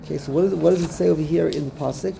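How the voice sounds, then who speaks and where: A man's voice: on the high side, steady tone, very fast, gravelly, background noise. A man teaching a Torah text lesson, explaining step by step, quoting Hebrew verses and checking in with "okay?". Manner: checks in with "okay?", repeats words while thinking.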